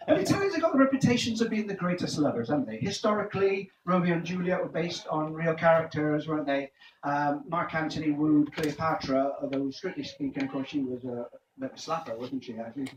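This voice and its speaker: A high-voiced man works through a stand-up set, his pitch leaping around as he fires off jokes and throws questions at the crowd. He is recorded from a distance in a live venue, so the sound is echoey with clear background noise. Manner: punchy joke-telling, quizzes the audience. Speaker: stand-up comedian.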